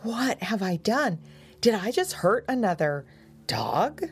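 A woman voicing a young male dog hero in a children's storybook, earnest and easily upset, speaking higher and pleading. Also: very animated, slow, slightly rough, heavily acted. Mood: worried.

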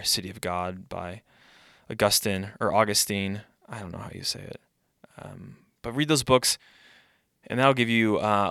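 A man's voice: fairly low pitch, bright, forceful tone, no echo, clean studio sound. A man who is a pastor and podcast host, speaking in a conversational podcast monologue and thinking aloud.

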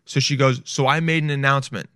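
A man talking straight to viewers in a casual, profane monologue, loud and animated, swearing freely. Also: mid-range voice, fast, smooth, dry recording, clean studio sound. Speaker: vlogger.

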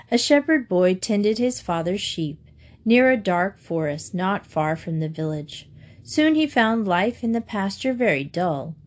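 A woman narrating a storybook in a calm, clear reading voice. Her pitch sits at a middle level, steady and even throughout.

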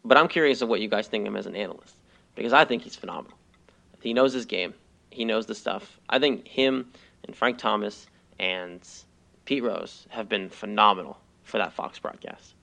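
Gravelly, easygoing man hosting sports chat. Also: on the low side, normal speed, sharp tone. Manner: steers the talk, teasing and easygoing. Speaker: podcast host.

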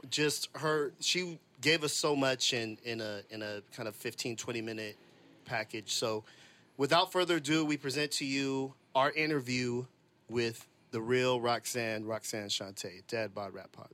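Bright, excited podcast host man. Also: medium pitch, a little slow. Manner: enthusiastic, rambling. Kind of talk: podcast intro chat.

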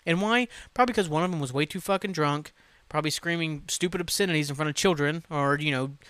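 Male podcast host, thirties, casual foul-mouthed rants, slightly high voice, dead-dry sound. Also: fast talker, smooth, no room sound. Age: 30s. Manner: profane, ranting, animated asides. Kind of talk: casual solo podcast rant.

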